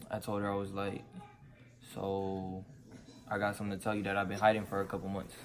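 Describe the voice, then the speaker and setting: A man's voice: low voice, completely flat delivery, a little fast, heavy background noise. Laid-back teen guy. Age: teens. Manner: laid-back, slangy, quotes his parents. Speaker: vlogger telling his story. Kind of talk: casual storytelling.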